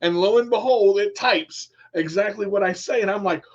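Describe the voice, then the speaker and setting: A man's voice: high voice, normal speed, few pauses. A man hosting a radio interview show, chatting casually and acting out quotes as he tells stories. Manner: animated storyteller, acts out quotes. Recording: muffled lo-fi sound.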